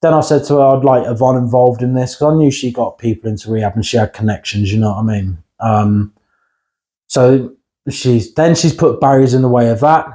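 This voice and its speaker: A man's voice: mid-range voice, fairly even intonation, a little fast, mellow. A man, telling his own life story bluntly in an interview, swearing now and then and often checking in with the listener. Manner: blunt and frank, swears, keeps checking in with "right?". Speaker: interview guest. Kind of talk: candid personal storytelling.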